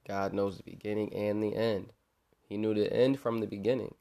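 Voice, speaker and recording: A man's voice: fairly low pitch, level tone, normal speed, vocal fry, mellow. A young man hosting a podcast, talking earnestly and informally about faith and forgiveness, often repeating his words as he goes. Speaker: podcast host. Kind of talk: informal religious encouragement.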